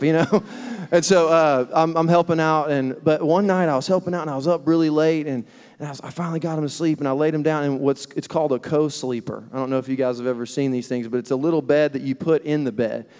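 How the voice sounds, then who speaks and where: Speaking fast in a clean, fairly high voice, a man in his thirties preaches a sermon built around a humorous personal story about his family. As a lively pastor-storyteller, he mimics the people he quotes and laughs at his own expense, all ringing with the long reverb of a big hall.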